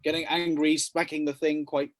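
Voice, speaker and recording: A man's voice: a little high, moderate pace, no echo. Playful man in comedy chat. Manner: animated storytelling with playful bursts. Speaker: podcast guest.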